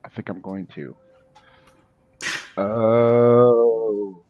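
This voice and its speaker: Hesitant low-voiced player man. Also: fairly even intonation, drawn-out words, narrow, tinny audio. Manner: hesitant, thinking aloud with trailing restarts. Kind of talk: casual chat while playing.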